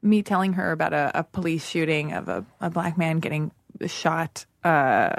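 A woman's voice: sits low, animated, normal speed, vocal fry, no echo. Candid, swearing woman podcast host. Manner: candid, emotional, swearing, many restarts. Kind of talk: casual podcast conversation. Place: Los Angeles.

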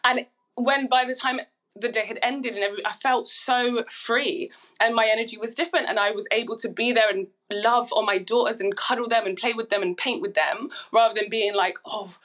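A woman with a slightly hazy voice speaks reflectively as a podcast guest. She circles through repeated phrases in a relaxed, casual chat. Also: a little high, a little fast.

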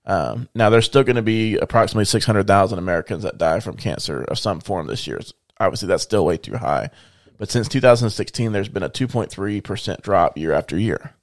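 Low-voiced man sharing news on a podcast. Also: fairly quick, no echo, studio quality. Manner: informative, steady, with fillers. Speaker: podcast co-host. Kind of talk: casual chat sharing news.

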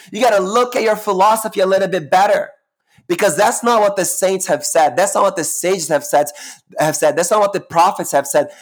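A man hosting a live-streamed solo talk as a spiritual teacher, sassy and emphatic, preaching and repeating phrases for emphasis. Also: sits high. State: close to tears at times.

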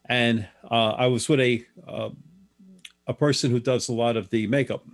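A man's voice: medium pitch, fairly even intonation, moderate pace. Matter-of-fact male guest telling stories. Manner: plain, matter-of-fact storyteller with many restarts. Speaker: guest author. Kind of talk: storytelling in a radio interview.

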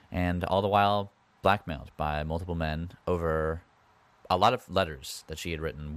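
Man, podcast host, casual history telling, wry asides, very low voice. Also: dry recording. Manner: conversational, with asides and wry comments.

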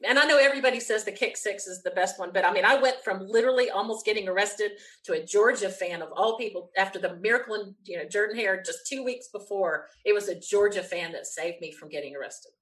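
A woman with a Southern US accent, a guest telling an animated story, laughing often and acting out what people said. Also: medium pitch, fast, hardly any pauses. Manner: lively, frequent laughs, acts out quotes.

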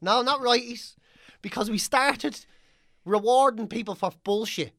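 A woman's voice: on the high side, unhurried, a bit bright, no echo. Woman co-host, swearing rants, close dry mic. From Ireland. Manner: ranting, profane, mocks others in whiny voices. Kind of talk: casual chat.

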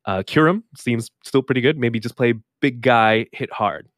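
A man guesting on a casual podcast, talking in a relaxed, chuckling way. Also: mid-range voice, normal speed, no echo, studio quality. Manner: laid-back, chuckles between lines. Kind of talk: casual chat.

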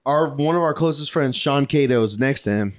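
A man's voice: mid-range voice, a little fast. A young man telling an eager, rambling story among friends, stumbling and restarting. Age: young adult. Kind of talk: casual drunk storytelling.

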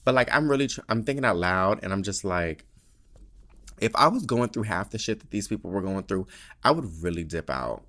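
Low-voiced man, profane and expressive. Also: fairly quick. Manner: expressive, profane, heavy use of "like". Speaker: podcast host. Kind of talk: casual chat.

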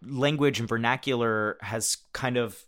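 An animated man hosting a relaxed conversation, reading through lists and breaking into laughter now and then. His voice sits at an ordinary middle pitch. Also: unhurried. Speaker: host. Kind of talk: casual chat about award nominees.

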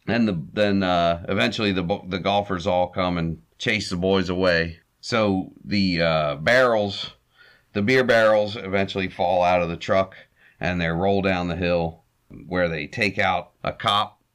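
Deep-voiced man casually recapping. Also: unhurried. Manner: chuckles often, relaxed with fillers. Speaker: podcast host. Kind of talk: casual recap of an old comedy short.

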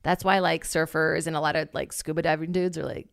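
Woman guest, lower voice, close dry sound, rambling story full of "like" and loud quoted asides. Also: fairly quick, gravelly, smooth, dry recording. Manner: animated, swears freely, acts out quoted lines loudly; heavy use of filler "like". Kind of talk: casual storytelling.

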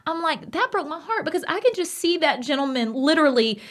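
A woman, co-hosting a casual podcast chat and talking in an emphatic, passionate, animated way. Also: high voice, a little fast. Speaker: podcast co-host.

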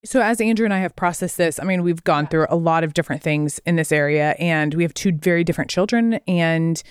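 A woman's voice: fairly low pitch, fairly quick, clean tone, dry recording, clean studio sound. A young adult woman co-hosting a casual parenting podcast, earnest and thinking aloud in long sentences. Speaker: podcast co-host. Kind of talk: casual chat.

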